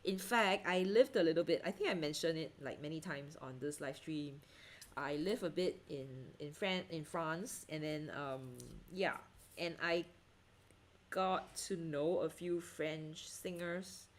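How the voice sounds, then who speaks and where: A woman's voice: low voice, measured pace. A woman from Singapore, probably in her thirties, chatting casually with livestream viewers as she paints, laughing often and trailing off into fillers. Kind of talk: casual chat while painting, reading viewer comments.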